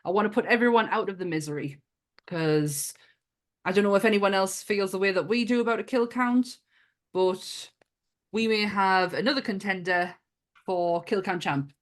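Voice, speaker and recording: A woman's voice: mid-range voice, moderate pace. A woman with a northern English accent hosting a podcast, playful and chatty. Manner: playful and chatty, laughs often. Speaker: podcast host. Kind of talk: casual podcast chat.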